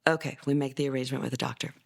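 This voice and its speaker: A woman's voice: steady tone, racing, creaky. A middle-aged mother tells her son's story in a documentary interview, in a conversational way with fillers and restarts, livening up when she voices what others said. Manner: voices others' words with livelier, higher delivery.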